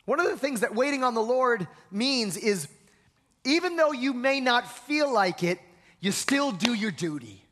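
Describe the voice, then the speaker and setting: A man's voice: very high-pitched, very animated, unhurried, a bit bright. A man preaching a sermon in a church, emphatic, repeating words and calling on the congregation to say lines with him. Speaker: pastor.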